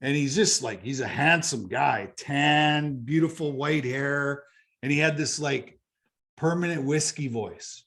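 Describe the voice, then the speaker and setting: Speaking at a measured pace in a somewhat bright, higher-pitched voice, this middle-aged man from Canada gives a candid personal story as an interview guest. He's blunt and conversational, cursing liberally and repeating himself to stress points.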